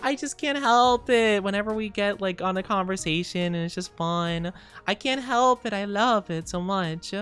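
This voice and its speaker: A woman's voice: medium pitch, moderate pace, a bit bright, smooth, faint music behind. A woman streamer chatting casually and playfully with her viewers, greeting them by name. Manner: playful sing-song asides. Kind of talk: casual livestream chat.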